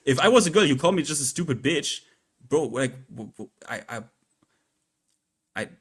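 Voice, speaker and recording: A man's voice: medium pitch, expressive, normal speed, husky. A man on a casual podcast, talking in a rambling, hesitant way, full of restarts. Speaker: podcast guest.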